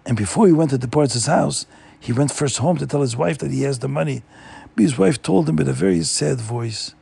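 A man telling a Jewish folk story in an animated way, repeating words for emphasis. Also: medium pitch, brisk, creaky, husky.

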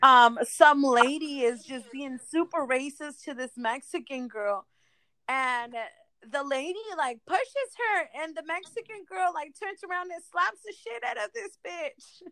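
A woman with a high voice co-hosting a casual podcast. She talks in an emphatic, chatty way, full of fillers and curse words. The recording is dry and close. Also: expressive, measured pace, bright, forceful tone, no room sound. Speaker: podcast co-host. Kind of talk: casual chat.

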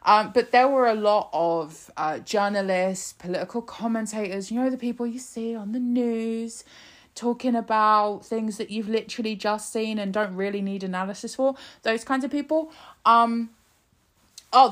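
A woman's voice: fairly high pitch, normal speed. A woman hosting a political podcast in casual, sarcastic commentary, swearing freely and laughing at her own tangents.

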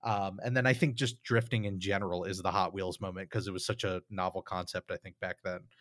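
A man's voice: sits low, steady tone, brisk, fairly bright tone, dry recording, studio quality. A man co-hosting a podcast, talking through a film in a casual, thoughtful, rambling way with many fillers. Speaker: podcast co-host.

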